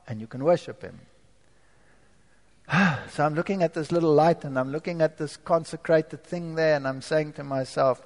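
Guy telling his testimony to a crowd, pretty high voice, swings quiet to loud, big reverby hall. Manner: storytelling, dramatic shifts from quiet to forceful. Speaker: former professor giving a testimony. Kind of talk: testimony talk to an audience.

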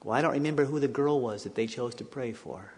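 A man preaching, telling a personal story in an animated way that rises to excited quotes. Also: medium pitch, fast talker. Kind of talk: sermon storytelling. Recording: long hall reverb.

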